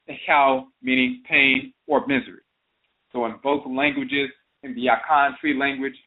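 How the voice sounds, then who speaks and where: Male radio host, mid pitch, methodical lecturer, phone-line sound. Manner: explanatory, lists term variants methodically. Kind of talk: lecture-style talk. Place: internet radio broadcast.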